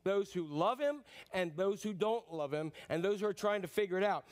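A middle-aged male pastor preaching a sermon in a lively, conversational, joking way. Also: sits high, moderate pace.

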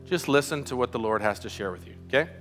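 A man's voice: mid-range voice, animated, fast talker. A pastor preaching a sermon, emphatic and putting questions to his congregation. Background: soft music.

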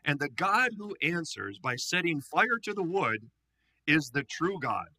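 Man reading as a bold prophet, commanding, bright and cutting tone. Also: a little high, very animated, a little slow, slightly rough, exaggerated voice, rough recording. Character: bold older male prophet challenging rivals.

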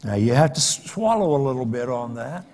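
An older man preaching a sermon as pastor, dramatic, swinging between loud exclamations and hushed lines. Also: mid-range voice, sing-song, moderate pace. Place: church sanctuary. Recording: long reverb of a large hall.

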